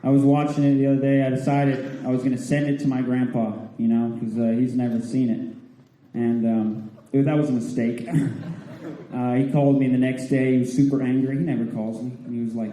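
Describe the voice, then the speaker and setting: A man in his twenties doing a stand-up comedy set in a theatre, telling stoner stories with a laid-back, deadpan delivery. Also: mid-range voice, fairly quick, slight background noise. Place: theatre stage with audience. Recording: roomy theatre live recording. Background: audience laughter.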